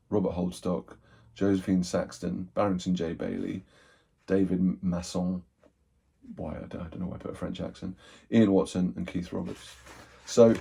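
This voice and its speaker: Male host, casual self-deprecating unboxing chat; husky, dark tone. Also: sits low. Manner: rambling, self-deprecating, thinking aloud. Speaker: book collector, channel host.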